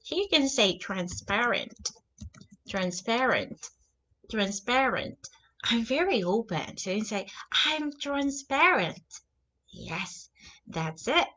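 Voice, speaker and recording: A young woman teaches English words in a relaxed, unhurried lesson. Her voice sits a little high and moves through a wide, animated pitch range. She says each new word and example sentence again, now and then gasping or exclaiming for effect. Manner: slow, repeats example words and sentences aloud. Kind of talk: casual vocabulary lesson.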